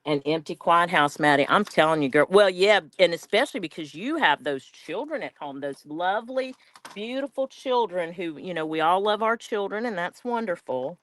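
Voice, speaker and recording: A woman's voice: on the low side, animated, normal speed, fairly bright tone, no room sound. A woman with a Southern US accent hosting a live crafting stream, chatting casually and folksily with viewers as she works and reads their comments.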